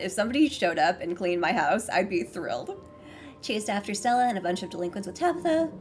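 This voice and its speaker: A woman giving casual, excitable commentary while playing a story game, reading on-screen text aloud. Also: on the low side. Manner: bubbly and excitable, gushes over characters; switches to a hushed voice to read game text. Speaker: let's play gamer.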